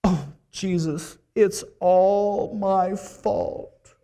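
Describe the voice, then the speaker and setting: A man putting on a high, strained mother's voice. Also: lively intonation, measured pace, warm tone, big-room sound. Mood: self-blaming. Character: fretful mother, a middle-aged woman.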